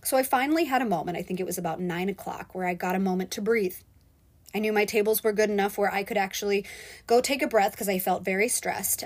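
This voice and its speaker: Her voice is mid-range as this restaurant server vlogs a candid personal story, moving back and forth between loud frustration and hushed quiet.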